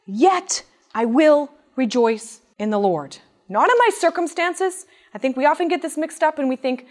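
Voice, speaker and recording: A woman giving an earnest, expressive Bible teaching that reads scripture aloud in a measured tone. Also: sits high. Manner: earnest and expressive, voice rising with emphasis. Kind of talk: sermon-style Bible teaching.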